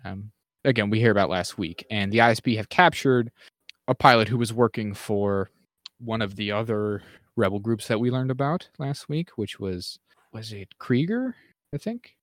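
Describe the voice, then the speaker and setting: A man co-hosting a casual podcast, rambling through recaps with fillers and restarts, dropping into quick mimicked lines. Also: fairly low pitch, lively intonation, no echo, clean studio sound. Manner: mimics characters in quick acted asides. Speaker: podcast co-host. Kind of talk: casual chat.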